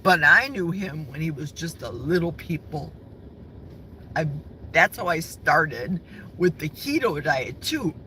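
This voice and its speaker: A man's voice: fairly high pitch, lively intonation, measured pace, bright, forceful tone, a little hiss or hum. A man in his sixties from Wisconsin, hosting a live chat and reading viewer comments aloud. He talks straight to his viewers and laughs often. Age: 60s. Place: outdoors in a forest.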